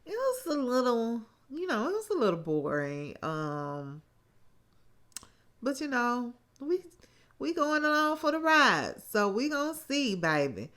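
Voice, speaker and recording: A woman's voice: on the high side, very animated, measured pace, a bit bright. A woman hosting a casual reality-show recap, talking sassily straight to her viewers. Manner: sassy, talks straight to viewers. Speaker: TV recap host.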